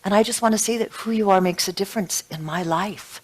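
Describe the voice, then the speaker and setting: A woman's voice: medium pitch, fairly quick, natural voice. A woman voicing an earnest young male executive who gushes heartfelt thanks while she tells a story in a sermon. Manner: heartfelt, gushing praise.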